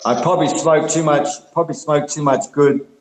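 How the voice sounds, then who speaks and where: A relaxed man who rambles along in a casual group chat, and his voice sits a touch higher than most men's. He swears freely and calls everyone mate. The sound is echoey and roomy, as if he is talking in a bare room. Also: brisk, background noise. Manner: rambling, laid-back, heavy swearing, calls people mate and brother.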